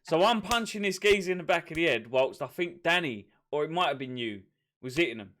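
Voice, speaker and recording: A man from jumps into a casual live-stream chat, his voice swinging widely in pitch. He keeps interjecting, correcting the story and defending his part in it. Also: lively intonation, a little fast, a bit bright.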